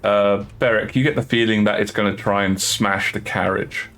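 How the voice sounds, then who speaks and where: A man's voice: lowish voice, steady tone, moderate pace, a bit bright, faint music behind. A man narrating as dungeon master, hesitant and full of fillers and restarts. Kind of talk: narrating a tabletop game.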